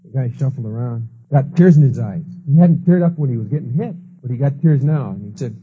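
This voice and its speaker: Husky, mellow-toned man teaching a class in a lively storytelling way, dull lo-fi tape. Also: medium pitch, fairly quick, few pauses. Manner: storytelling, acts out quoted people. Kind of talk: lecture with anecdotes. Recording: dull lo-fi recording.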